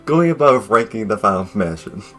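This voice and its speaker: A man's voice: on the low side, lively intonation, slow, fairly bright tone, soft background music. A man narrating a casual video review in an offhand, sarcastic way, dropping joking asides. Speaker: YouTube reviewer.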